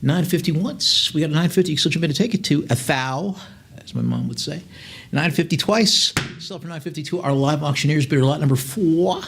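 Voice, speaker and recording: Here a man works a live auction as the auctioneer, his bid calls broken up by chatty asides full of fillers. The voice is a little high, gravelly and a bit bright, delivered a little fast, and there's a little hiss or hum on the recording.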